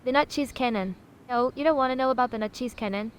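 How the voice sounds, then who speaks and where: On the high side and fast-talking, this woman's text-to-speech voice has a little hiss or hum yet stays close to an everyday sound. It plays a haughty, self-important, sassy AI chatbot that calls itself a sausage. The delivery is dramatic and condescending, with "honey" coming up a lot.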